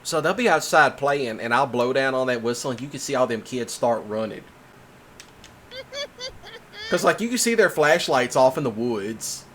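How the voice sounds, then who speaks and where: Animated man, bright lively voice. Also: mid-range voice, unhurried. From Mississippi. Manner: animated, laughs often, swears freely. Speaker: host. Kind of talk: casual storytelling chat.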